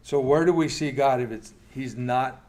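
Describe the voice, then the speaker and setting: A man's voice: mid-range voice, a little mellow. Earnest man teaching a church class. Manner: earnest, reads scripture aloud, quick asides. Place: church meeting room.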